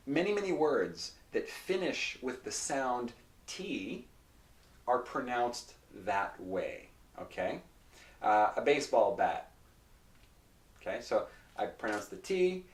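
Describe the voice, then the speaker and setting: Slow, lively-voiced teacher, roomy sound. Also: male voice, mid-range voice. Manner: explains patiently, repeats example phrases slowly. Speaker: English pronunciation teacher. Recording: roomy echo, mic at a distance.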